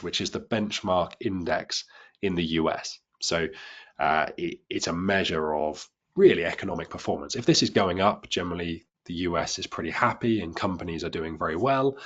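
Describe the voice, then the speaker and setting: A man's voice: low voice, a bit bright, slightly rough, muffled recording. A man teaching a trading lesson to a live class, chatty and self-deprecating, often restarting and repeating words as he explains. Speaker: trading instructor.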